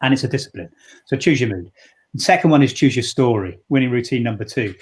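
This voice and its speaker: A man's voice: medium pitch, lively intonation, fast talker, slightly rough. A man, a leadership coach speaking earnestly and reflectively in an interview, often restarting his sentences. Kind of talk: interview answer.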